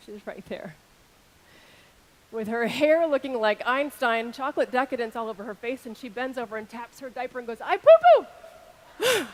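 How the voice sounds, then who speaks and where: A woman in her thirties speaking on an arena stage with a fairly high voice. She moves between loud shout-outs to the crowd and a slower, intimate delivery, all through a stage microphone. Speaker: keynote speaker. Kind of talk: arena keynote speech.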